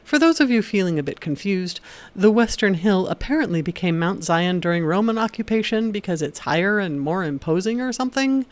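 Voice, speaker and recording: A woman hosting an educational video, reading a scripted narration in a steady explanatory way with occasional wry asides. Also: mid-range voice, brisk, no room sound. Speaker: video essay host.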